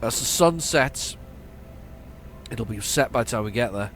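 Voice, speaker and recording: Flat northern english guy, middle-aged, rambly let's-play chat, faint music behind. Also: mid-range voice, unhurried. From northern England. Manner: rambling and chatty, trails off in repeated restarts. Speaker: gaming channel host. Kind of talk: casual let's-play commentary.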